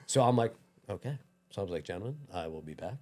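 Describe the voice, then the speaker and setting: A young adult man, a gym owner, telling a lively story in casual chat, acting out quotes and laughing often. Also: low-pitched, quick pace. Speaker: gym owner, podcast guest.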